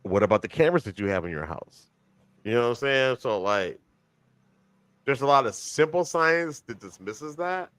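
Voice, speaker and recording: A man co-hosting a podcast in casual chat, rambling and animated, with many restarts and slang. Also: medium pitch, moderate pace, clear, resonant tone, no echo. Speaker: podcast co-host.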